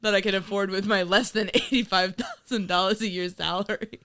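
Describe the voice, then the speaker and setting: A woman co-hosting a podcast in loose, casual chat. She giggles a lot and rambles through fillers in a bright, crisp voice, and the sound is close and dry. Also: medium pitch, fairly even intonation, fairly quick, dry recording. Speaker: podcast co-host.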